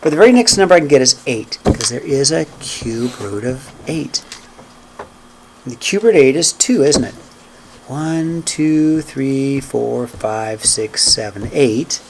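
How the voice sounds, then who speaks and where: A man's voice: medium pitch, lively intonation, a little slow, a little hiss or hum. A man teaching math to a class, counting points aloud and often checking in with "okay?" and "right?". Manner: counts steps aloud while graphing. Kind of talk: classroom lecture.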